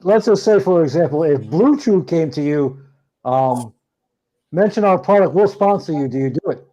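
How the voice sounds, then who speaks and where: A man's voice: fairly high pitch, expressive, normal speed, dark tone, rough recording. A man co-hosting a casual sports podcast, tossing in joking hype lines. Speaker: podcast co-host.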